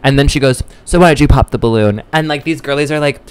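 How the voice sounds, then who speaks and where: Smooth-voiced man rambling through a story. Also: mid-range voice, fast, rough recording. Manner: rambling storyteller, acts out quotes. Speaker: podcast co-host. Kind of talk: casual chat.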